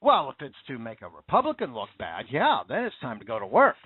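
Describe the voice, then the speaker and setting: A man's voice: medium pitch, wildly swooping pitch, a little fast, husky. A man hosting an internet talk show, speaking in an impassioned, repetitive and indignant way. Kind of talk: casual political commentary. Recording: tinny phone-like line.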